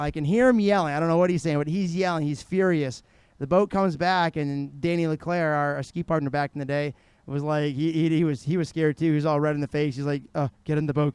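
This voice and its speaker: A man doing live play-by-play commentary, excitable and chatty, telling stories between runs and shouting on big tricks. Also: fairly high pitch, smooth, no echo. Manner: chatty storyteller. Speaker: sports commentator.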